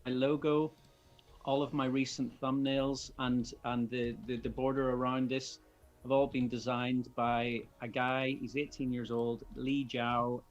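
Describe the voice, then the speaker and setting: Brief: easygoing male host, mid pitch, casual stream chat, faint music under. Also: measured pace, lo-fi sound. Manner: relaxed, friendly, thankful, with hesitations. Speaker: channel host.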